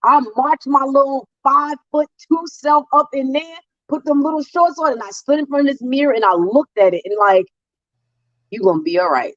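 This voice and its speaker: Woman from New Jersey, guest storyteller, animated, higher voice, dry muffled sound. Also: normal speed, no echo. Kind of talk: storytelling interview.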